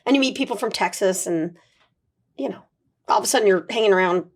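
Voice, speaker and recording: A woman's voice: medium pitch, fast. Chatty middle-aged woman telling stories. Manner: animated storyteller, lots of "you know" and "like". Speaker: voice actor guest. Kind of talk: casual interview chat.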